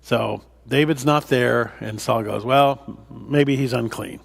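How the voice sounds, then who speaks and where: A man's voice: mid-range voice, slow pace, vocal fry. A man, a pastor, leading a Bible study in a conversational way, with fillers and restarts, acting out the scripture dialogue. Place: church.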